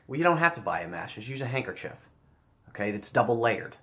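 A man's voice: medium pitch, very animated, quick pace, pushed and bright. A man giving casual commentary, blunt and profane, with a sarcastic edge, often repeating phrases for emphasis. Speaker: political commentator.

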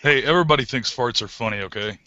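A man's voice: mid-range voice, fast, a crowd in the background. A young man swearing freely as he tells stories in a casual group voice chat. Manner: profane, animated storyteller. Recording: dull lo-fi voice chat audio.

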